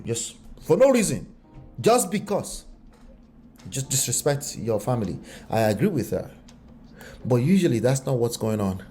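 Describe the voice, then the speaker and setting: A man commenting on a relationship video, animated and full of rhetorical questions. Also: mid-range voice. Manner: animated, rhetorical questions, slips into acted voices. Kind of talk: reaction commentary.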